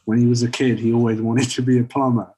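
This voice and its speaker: A man casually pitching a story idea to friends, rambling with lots of fillers. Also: little pitch movement, fast, mellow, slightly rough, low-quality recording. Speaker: podcast co-host pitching a story. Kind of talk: casual chat.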